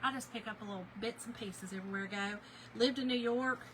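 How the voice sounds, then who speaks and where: A woman's voice: on the high side, fast, fairly bright tone, slight background noise, rough recording. A woman from Kentucky hosting a casual craft live stream, chatting to viewers by name as she works. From Kentucky, USA. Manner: chatty, talks to viewers by name and says y'all.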